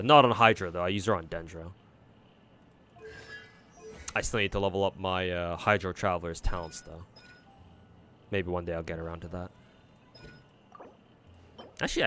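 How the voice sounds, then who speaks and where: Male streamer with a fairly low voice; loose, sweary, rambling gameplay chatter. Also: fairly bright tone. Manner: rambling, profane, frequent fillers and restarts. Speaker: game streamer. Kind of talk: casual gameplay commentary.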